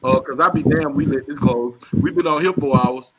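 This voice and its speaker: A man's voice: medium pitch, a little fast, very noisy. A man hosting a live podcast stream, joking and talking crudely in casual banter.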